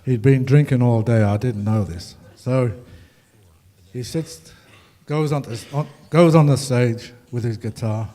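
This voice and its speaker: A man's voice: mid-range voice, measured pace, dark tone. An older man telling rambling, humorous stories to an audience, with many fillers. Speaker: ragtime musician speaking at a festival. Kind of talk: anecdotal talk to an audience.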